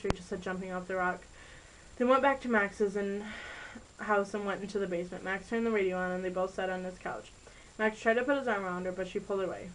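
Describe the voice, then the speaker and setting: A woman reads her own homemade story aloud in a plain, unhurried way. Her pitch is ordinary for a woman. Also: fairly even intonation, slight background noise, rough recording. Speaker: narrator. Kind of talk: amateur story reading.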